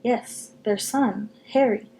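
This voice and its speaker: Woman doing an excited gossiping stranger. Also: a little high, slow pace, creaky, slight background noise. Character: stranger whispering gossip in a cloak.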